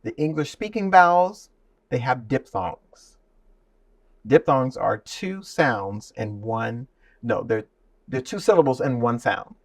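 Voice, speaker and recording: A man's voice: mid-range voice, expressive, takes it slowly, dry recording, recorded from a distance. A man, a voice teacher, explaining his methods with enthusiasm as an interview guest.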